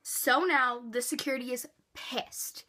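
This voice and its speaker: Woman vlogger, high bright voice, animated storytime full of swearing. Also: measured pace. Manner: animated, swearing, acts out quotes. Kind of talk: storytime vlog.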